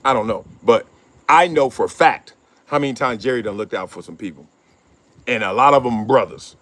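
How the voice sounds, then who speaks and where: A man's voice: medium pitch, brisk, a bit bright. A middle-aged man hosting his own show, riffing in slangy casual commentary, laughing often and acting out quotes. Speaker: show host.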